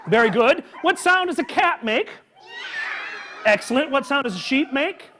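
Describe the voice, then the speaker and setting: A man hosting a live children's story time, talking with animated energy and calling out questions for the kids to answer. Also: very high voice, normal speed, background noise. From Midwest farm upbringing. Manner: animated, call-and-response with children. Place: public library event with a live audience.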